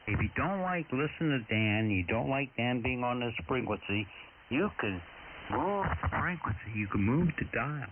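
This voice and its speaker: A man scolds another operator over the air, hammering the same points again and again in a heated voice. The sound is narrow and tinny, like a shortwave signal, with a light hiss beneath it. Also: mid-range voice. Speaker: ham radio operator. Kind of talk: angry on-air rant.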